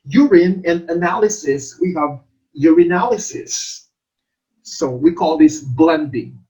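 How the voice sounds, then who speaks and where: Middle-aged male teacher, unhurried, repeats key terms. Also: a little high, dark tone, low-quality recording. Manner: explains slowly, repeats terms and stresses syllables. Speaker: exam review teacher. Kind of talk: teacher-exam coaching lecture.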